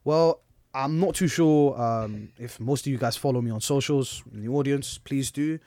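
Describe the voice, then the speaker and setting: A young man with a London accent hosting a casual podcast chat, playful and excitable, quick to laugh and cut in. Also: medium pitch, dry recording. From England. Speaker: podcast host.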